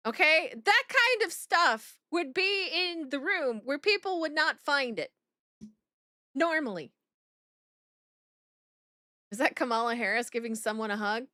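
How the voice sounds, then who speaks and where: Bright, lively, blunt woman streamer. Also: high voice, a little slow, pauses often, no room sound, studio quality. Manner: blunt, profane and giggly. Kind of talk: live-stream game reaction chat.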